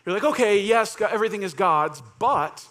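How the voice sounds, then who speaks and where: Casual pastor with swings in energy. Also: male voice, fairly quick. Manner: casual, joking, keeps checking in with "right?"; swings between animated bursts and quiet, low emphasis. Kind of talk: conversational sermon.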